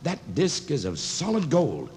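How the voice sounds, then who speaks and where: A man's voice: on the high side, wildly swooping pitch, measured pace, darkish tone. An actor playing a scholarly older doctor and fond father in a 1940s radio drama, proper and given to "By Jove". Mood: excited, wondering. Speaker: expedition doctor. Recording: old radio broadcast with hall reverb and faint hiss.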